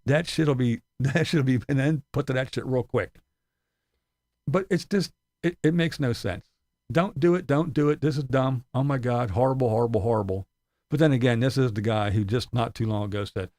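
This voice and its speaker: Man, sarcastic profane rant, gravelly edge, lively swooping pitch, dry close sound. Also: moderate pace, dry recording. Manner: profane, sarcastic, laughs between jabs. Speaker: commentary channel host. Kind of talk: ranting commentary.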